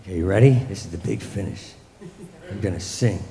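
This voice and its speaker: A man's voice: deep voice, fairly quick, gravelly, dark tone, big-room sound. A man doing a rambling, crude stand-up comedy set, full of sarcastic rants and mocking impressions.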